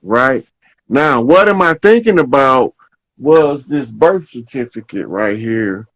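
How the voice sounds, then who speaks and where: Slow-talking man telling a story. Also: medium pitch, expressive, no room sound, rough recording. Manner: slow, storytelling, checks in with "right?" often. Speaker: podcast host. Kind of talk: casual spiritual talk.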